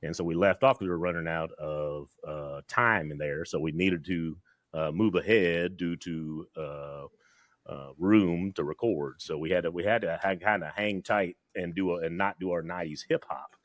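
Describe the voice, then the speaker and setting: Very deep-voiced Southern man rambling. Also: normal speed, dry recording. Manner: rambling storyteller, repeats words, acts out quotes. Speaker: podcast co-host. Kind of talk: casual podcast banter.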